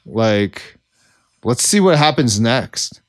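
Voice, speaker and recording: A man's voice: mid-range voice, sing-song, slow, no room sound, clean studio sound. A man co-hosting a casual podcast, rambling in a sarcastic, profane way. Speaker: podcast co-host.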